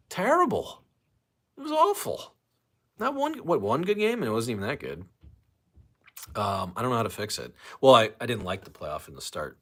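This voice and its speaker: A man's voice: sits low, a bit bright. A man from St. Louis hosting a casual livestream, ranting with lots of swearing and reading chat comments. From St. Louis, USA. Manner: ranting, profane, reads chat aloud. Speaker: livestream host.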